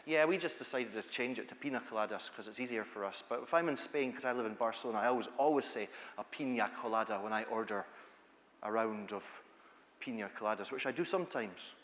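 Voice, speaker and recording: Scottish man, conference speaker, playful storytelling, middle pitch, reverberant hall. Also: quick pace, fairly bright tone. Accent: Scottish, east coast. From Scotland. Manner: playful, chatty, asks the audience questions. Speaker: conference speaker, teacher trainer. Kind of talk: storytelling talk to an audience.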